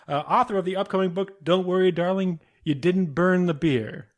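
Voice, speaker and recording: A man's voice: sits high, moderate pace. A man hosting a podcast from home, chatting in a playful, joking way. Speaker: podcast host. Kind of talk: casual chat.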